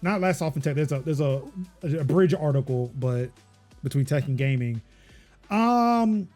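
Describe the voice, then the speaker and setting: A man's voice: a little high, expressive, measured pace, darkish tone, faint music behind. A man hosting a casual tech podcast, rambling with many fillers and restarts. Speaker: podcast host.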